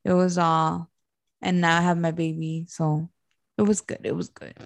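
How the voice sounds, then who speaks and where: A young woman and new mother co-hosting a casual chat podcast, relaxed and rambling as she tells stories. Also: lowish voice, normal speed, gravelly, no room sound. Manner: relaxed, rambling, warm storytelling with fillers. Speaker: podcast co-host.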